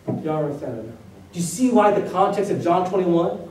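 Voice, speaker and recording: Pastor preaching in an echoey hall. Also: male voice, high-pitched, animated, fairly quick, a little mellow. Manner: preaching with many rhetorical questions. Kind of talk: sermon. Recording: very echoey room, voice from a distance.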